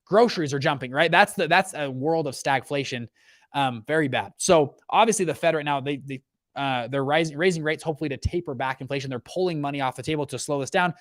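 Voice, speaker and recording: An energetic young man hosts a casual livestream on markets and investing. His voice sits a bit high for a man and comes through dry and close, with little room sound. He talks in bursts, full of "okay" and "right" check-ins and quick restarts. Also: dry recording. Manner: energetic, lots of fillers and okays. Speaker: fund manager and show host. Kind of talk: casual livestream talk on economics.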